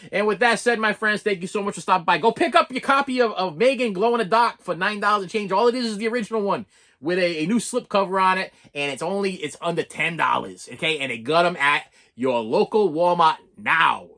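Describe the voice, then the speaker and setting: A man's voice: sits high, fairly quick, bright, forceful tone. A man chatting casually as a video host and collector, rambling and repeating his words. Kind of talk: casual chat.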